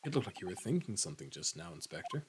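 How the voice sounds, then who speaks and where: A man voicing a young male attorney in a courtroom game, asking questions in a quiet, formal, probing way. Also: low-pitched, very animated, quick pace, noisy background, pitched below the performer's own voice.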